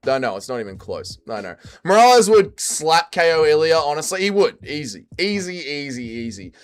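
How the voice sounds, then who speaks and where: A young man casually chatting on a livestream and reading viewer comments aloud, jumping between loud quips and low mutters. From Australia. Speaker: streamer reading chat.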